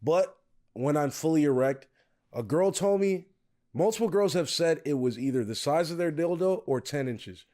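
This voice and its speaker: A man's voice: fairly high pitch, animated, moderate pace, dark tone. Hesitant young man rambling on a podcast. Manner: unsure, rambling, with laughs and hesitations. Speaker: podcast guest. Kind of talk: casual podcast banter.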